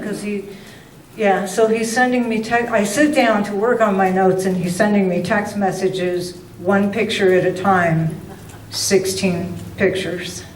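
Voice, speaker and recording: A woman's voice: medium pitch, slight background noise. Chatty older woman in an echoey hall. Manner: chatty, self-mocking, animated. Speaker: guest speaker. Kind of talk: humorous storytelling talk. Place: meeting hall. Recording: roomy hall, distant mic.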